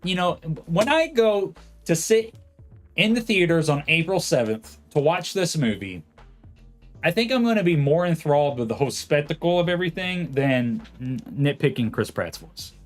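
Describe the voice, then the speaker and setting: A man's voice: fairly high pitch, big pitch swings, moderate pace, faint music behind. A man in his late twenties chatting casually on a livestream, rambling and reading viewer comments aloud. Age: late 20s. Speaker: streamer host.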